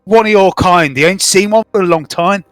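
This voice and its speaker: A man's voice: high voice, fairly quick, dry recording, clean studio sound, faint music behind, pitched above the performer's own voice, natural voice. A man voicing a scruffy middle-aged male market trader who is eager and friendly. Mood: pleading.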